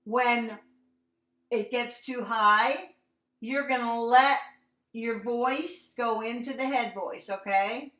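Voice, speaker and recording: A woman's voice: a little high, takes it slowly, a bit bright. A woman teaching an online singing lesson, coaching and singing short lines to show how. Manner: demonstrates lines by singing them. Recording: echoey room over a video call.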